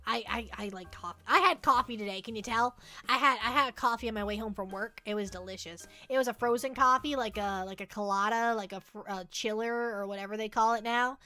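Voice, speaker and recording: A woman's voice: a little high, brisk, hardly any pauses, bright, forceful tone. A woman hosting a livestream, chatting casually and rambling as she answers viewer questions, often repeating herself and joking at her own expense. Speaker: livestream host.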